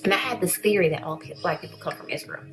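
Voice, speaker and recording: A woman's voice: fairly low pitch, expressive, fast, music in the background, poor audio. A woman chatting casually in a vlog, rambling and correcting herself as she reads through things. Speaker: vlogger.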